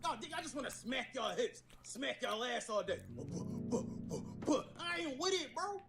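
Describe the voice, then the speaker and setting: A man playing a gruff older ex-con who is touchy and boastful, talking loud, slangy and threatening in a comedy skit. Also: extremely high pitch, lively intonation, normal speed, music in the background, full character voice. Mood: indignant. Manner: loud, blustering and threatening, slangy street talk.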